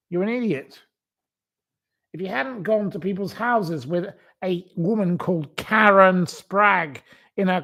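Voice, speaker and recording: Brief: male live-streamer, scornful and rambling, slow with gravelly fry. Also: high voice, fairly bright tone.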